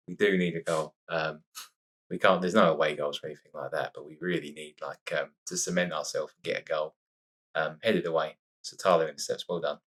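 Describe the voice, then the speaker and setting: Casting note: low-voiced male let's-player, chatty and excitable, slightly stuffy from sneezing. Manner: chatty, excitable reacting to match play. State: sore nose after sneezing fit. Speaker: gaming YouTuber. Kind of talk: casual let's-play commentary.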